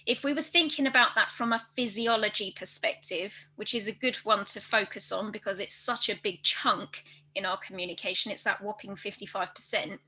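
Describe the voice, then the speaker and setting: A woman presenting a workplace training video, speaking fast and loudly with careful articulation. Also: mid-range voice, breathy edge, low-quality recording. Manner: fast, loud and well articulated.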